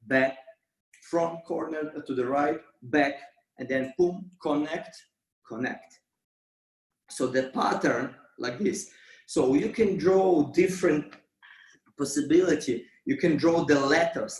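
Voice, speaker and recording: Slow-talking dance teacher in an echoey studio. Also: male voice, medium pitch. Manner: counts beats with vocal sounds. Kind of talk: dance class instruction. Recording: roomy, from far off.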